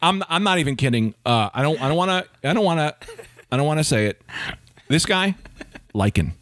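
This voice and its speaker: A man's voice: a little high, fairly quick, no room sound. Male comic, storytelling mode, bouncy delivery, very dry close sound. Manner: animated, rambling, heavy on filler words. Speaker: stand-up comedian.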